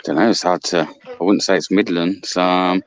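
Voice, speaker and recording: A man's voice: low voice, fairly even intonation, moderate pace, a little hiss or hum. A man from Oxfordshire, England, chatting casually and joking about himself, with some swearing and frequent giggles. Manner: laid-back, self-deprecating, swears, giggles. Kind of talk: casual online voice chat. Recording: dry, dull lo-fi audio.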